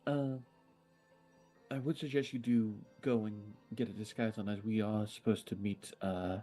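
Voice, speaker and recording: A man's voice: on the low side, fairly even intonation, normal speed, warm tone, soft background music. A man playing a tabletop game, casually and playfully suggesting ideas to the others. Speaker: player. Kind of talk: casual tabletop role-play.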